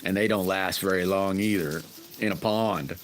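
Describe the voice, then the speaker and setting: A man hosting a livestream chats with viewers in a loose, rambling, folksy way, drifting from one story to the next and greeting people in chat by name. He talks at a normal speed in a very low voice, with a faint hum of room noise behind him.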